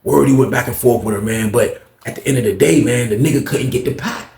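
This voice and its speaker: A man telling a story in a casual, animated way, acting out the people in it. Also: medium pitch, a little fast, gravelly, echoey room. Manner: animated, acts out voices in his stories.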